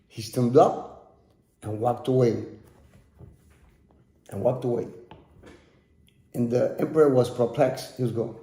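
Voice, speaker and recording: A man's voice: medium pitch, slow pace, long pauses, dark tone. Man telling a story, echoey room. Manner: repeats and restarts words while telling. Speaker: podcast host. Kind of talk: storytelling narration.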